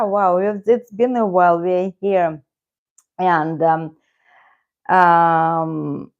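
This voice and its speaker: A woman's voice: on the low side, darkish tone, dull audio. A woman with a Russian accent hosting a casual livestream chat, chatty and greeting viewers by name. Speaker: livestream host.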